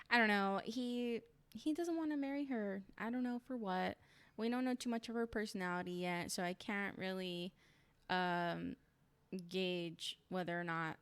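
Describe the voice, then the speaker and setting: A young woman vlogs a casual recap of a show, trading ums for punchy slang and quick opinions. Her voice sits at a plain middle pitch, relaxed and conversational. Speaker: reality show recap vlogger.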